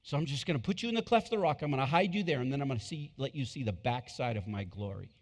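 A male pastor delivering a sermon, shifting from quiet, intimate passages to loud, excited bursts, on a wireless body mic. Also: medium pitch, quick pace, long reverb tail.

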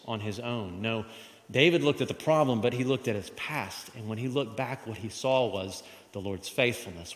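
A man preaching a sermon to a congregation, lively, calling them to repeat lines after him. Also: medium pitch. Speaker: pastor. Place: church hall with congregation. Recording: long reverb of a large hall.

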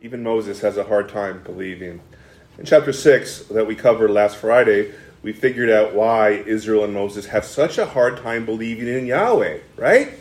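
A man preaching an expository sermon as pastor, animated, often restarting sentences and acting out quoted lines. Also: lowish voice, normal speed. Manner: animated, acts out quoted speech with frequent restarts. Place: church sanctuary. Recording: echoey church room.

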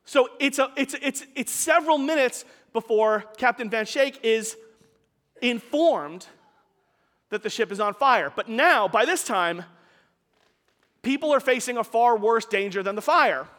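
High-voiced male preacher telling a story. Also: expressive, unhurried, fairly bright tone, in a large hall. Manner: conversational storyteller with casual asides. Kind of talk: storytelling sermon.

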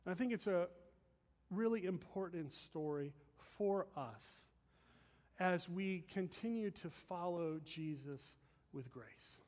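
Pastor, male, high-pitched voice, earnest emphatic sermon delivery, church sanctuary with long reverb. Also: animated, slow pace, a little mellow. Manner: earnest, emphatic preaching with asides to the congregation. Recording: long reverb of a large hall.

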